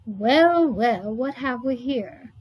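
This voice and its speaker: A scornful landlady with a biting, loud delivery snaps and sneers through her lines in a storybook reading, as a woman puts her on. The voice sits on the high side and carries a mocking drawl. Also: expressive, slow, slightly rough, exaggerated voice, poor audio. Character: sharp-tongued scornful woman landlady, Irish. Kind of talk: read-aloud storybook.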